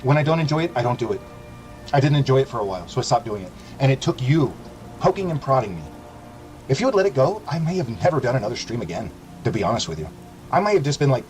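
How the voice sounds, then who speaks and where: A young man rants on a livestream, swearing and mocking with a lively voice that leaps across its range. He sits a little above the usual male pitch. Soft music plays faintly behind him. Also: fast talker, rough recording. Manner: profane, sarcastic, heated. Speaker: streamer. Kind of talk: angry livestream rant.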